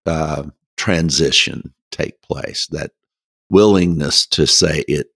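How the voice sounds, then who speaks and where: A man telling a folksy story in a casual interview, halting with many restarts and laughing at himself. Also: rumbling low, expressive, creaky, a bit bright, husky, no room sound, studio quality. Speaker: guest.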